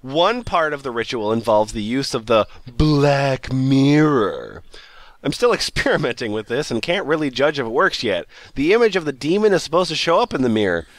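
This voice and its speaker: A man's voice: mid-range voice, very animated, a little fast, hardly any pauses, dry recording. A man hosting a casual comedy podcast, reading a blog post aloud and giggling often as he goes. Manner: giggly, reads aloud with frequent laughs.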